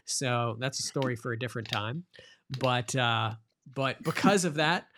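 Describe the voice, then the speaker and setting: A man's voice: mid-range voice, normal speed, a bit bright, a little hiss or hum. A middle-aged man hosting a live-streamed podcast, chatting in an upbeat, playful, teasing way. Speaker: podcast host.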